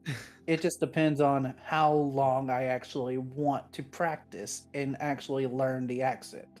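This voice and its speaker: A woman's voice: a bass voice, fairly even intonation, a little mellow, soft background music. A woman on a horror podcast panel, chatting casually and stumbling over her first words. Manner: halting, repeating words as she starts. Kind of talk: casual chat.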